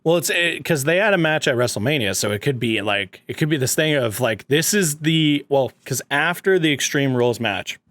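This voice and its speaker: A man's voice: on the high side, expressive, moderate pace, hardly any pauses, fairly bright tone, no echo. A man co-hosting a casual chat, rambling and laughing as he brainstorms storylines. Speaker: podcast co-host.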